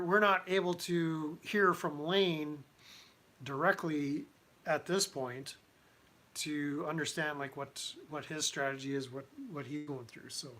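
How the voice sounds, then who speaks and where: A man hosting a casual commentary livestream, talking in a halting way with many restarts and fillers. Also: on the high side, pushed and bright. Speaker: livestream host.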